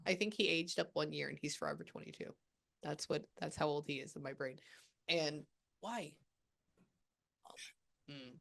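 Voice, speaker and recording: A woman with a fairly low voice leads a spirit reading. She talks casually, breaks off to listen, then relays what she hears in quick quoted bits. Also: creaky, fairly bright tone. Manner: relays a spirit's words with quick asides and pauses. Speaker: psychic medium.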